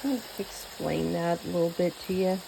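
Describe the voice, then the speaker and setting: A woman's voice: on the low side, moderate pace, creaky, background noise. A woman with a Southern US accent chatting casually while she cooks, rambling with many fillers and restarts. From born in New Mexico, raised mostly in Texas. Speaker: cooking vlogger. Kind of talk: casual chat while cooking.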